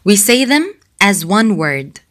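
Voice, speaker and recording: Slow, patient woman teaching pronunciation. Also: medium pitch, sing-song, a bit bright. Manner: slow and patient, drilling sounds in repetition. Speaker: Arabic teacher. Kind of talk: pronunciation lesson.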